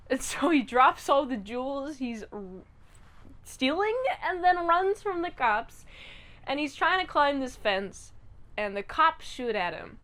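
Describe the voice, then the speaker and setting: A woman recapping a TV episode in a casual, chatty, animated way, adding her own sound effects. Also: sits high. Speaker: channel host reviewing a TV episode.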